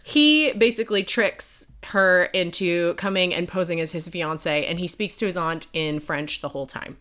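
A woman's voice: lowish voice, normal speed, a bit bright. A woman co-hosting a podcast in casual chat, giggly and rambling, with lots of fillers. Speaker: podcast co-host.

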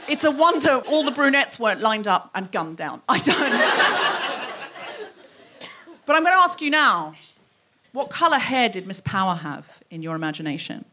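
A woman from Australia telling a comic story on a theatre stage, acting out the voices of the people in it with lively energy. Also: on the high side. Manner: animated, acts out quoted voices. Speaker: comedian. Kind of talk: stand-up storytelling. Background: audience laughter.

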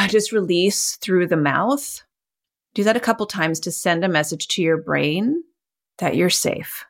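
A woman's voice: mid-range voice, fairly bright tone. A middle-aged woman hosting a podcast, guiding listeners through a self-help exercise in an encouraging, conversational way and laughing often. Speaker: podcast host and coach.

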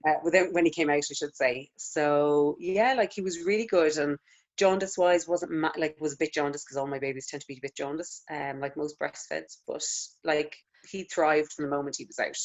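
A woman's voice: low-pitched, steady tone, brisk, muffled recording. Chatty Irish woman sharing birth stories. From Ireland. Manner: chatty, filler-heavy storytelling with frequent "like". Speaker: lactation consultant guest. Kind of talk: casual interview chat.

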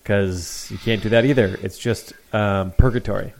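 A man's voice: fairly low pitch, steady tone, moderate pace, creaky, a little mellow, slight background noise. A man co-hosting a casual sports podcast, talking with dry, exasperated sarcasm. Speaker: podcast co-host.

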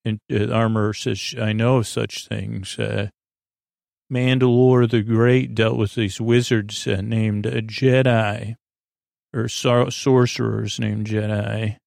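Gravelly, flat-voiced man recapping casually. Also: on the low side, slow, no room sound, clean studio sound. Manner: rambling, many filler uhs, paraphrases scene dialogue loosely. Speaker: podcast host.

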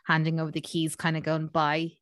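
A woman's voice: low voice, completely flat delivery, fairly quick, fairly bright tone, dry recording, clean studio sound. A woman co-hosting a podcast in casual chat, rambling with lots of fillers. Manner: chatty, rambling with many fillers. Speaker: podcast co-host.

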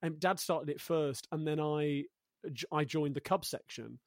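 A man's voice: fairly high pitch, a little slow, no room sound, clean studio sound. A man in his thirties from Coventry, a guest chatting thoughtfully in an interview, searching for words and joking at his own expense. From Coventry, England. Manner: thoughtful, searching for words, self-deprecating humor. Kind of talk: casual conversational interview.

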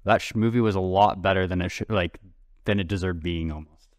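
A man's voice: low voice, steady tone, a little fast, dry recording, clean studio sound. A man co-hosting a podcast in casual chat, rambling with lots of "like" and sometimes tongue-tied. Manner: rambling, heavy use of "like", tongue-tied at times. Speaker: podcast co-host.

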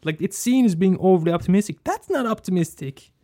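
A man talking casually and passionately about films, swearing freely and jumping up into high exclaims. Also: animated, fast, warm tone. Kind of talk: casual film chat.

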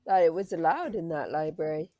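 A woman's voice: low-pitched, expressive, a little fast, mellow. A woman hosting a podcast in casual chat, playful and joking, her voice a little tired. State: voice tiring. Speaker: podcast host.

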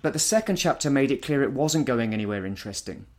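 A man's voice: mid-range voice, lively intonation, quick pace, darkish tone. A man in casual conversation, talking bluntly and firmly about what he dislikes. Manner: blunt, opinionated, argumentative. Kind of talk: casual chat.

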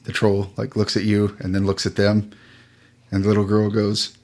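A man narrating as game master of a tabletop game, relaxed and hesitant with many fillers. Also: on the low side, normal speed.

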